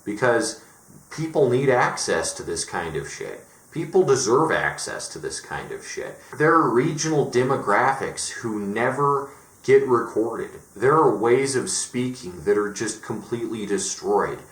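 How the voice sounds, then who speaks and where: A man's voice: mid-range voice, expressive, a little slow, fairly bright tone, echoey room. A man from Colorado delivering an emphatic, profane, exasperated monologue as a vlogger. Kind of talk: ranting monologue.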